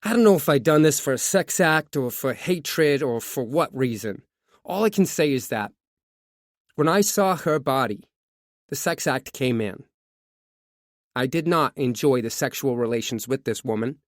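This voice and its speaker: A man narrating a true crime audiobook, reading a confession in a measured first-person voice. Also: medium pitch, expressive, no room sound, studio quality.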